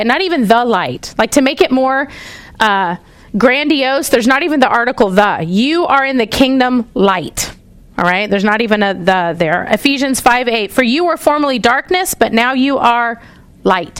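Woman teaching bible study, slightly high voice, dry close sound, checks in often with okay and all right. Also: animated, moderate pace, fairly bright tone, dry recording. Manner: stops to correct herself and find her place. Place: classroom with a whiteboard.

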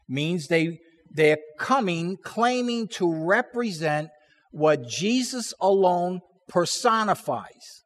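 A male preacher giving a Bible teaching in sermon style. He speaks slowly and deliberately, in a slightly higher-than-average voice. He leans on key words and repeats them for emphasis.

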